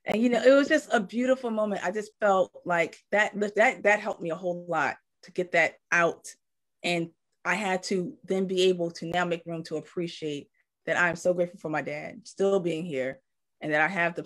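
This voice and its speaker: A woman co-hosting a live talk stream, telling a heartfelt personal story and acting out quoted voices. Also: on the low side. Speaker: co-host.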